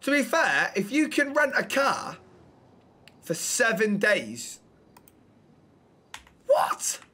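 A man with a high voice, streaming a role-play game. He talks brashly and swears a lot. He throws out insults without missing a beat. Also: very animated, pushed and bright. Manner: brash, profane, quick to insult.

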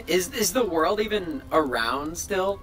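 A young man chatting casually in a vlog, rambling and excitable, swearing now and then. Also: high voice, takes it slowly, faint music behind. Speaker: video creator.

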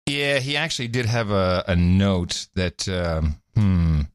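A man's voice: deep voice, slow pace, smooth, no room sound, studio quality. A man co-hosting a podcast in casual chat, laughing often and trailing off into restarts. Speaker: podcast co-host.

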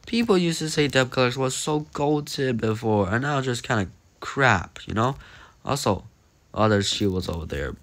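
A man's voice: mid-range voice, normal speed. A young man giving casual, jokey commentary while he plays a game, talking to himself as he goes. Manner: animated, jokey, talks to himself while playing. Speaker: gaming commentator.

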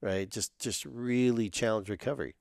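Middle-aged male chiropractor guest, lowish voice, chatty, dry close mic. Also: normal speed, vocal fry, a little mellow, dry recording. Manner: conversational, uses many fillers like "you know". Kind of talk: casual interview chat.

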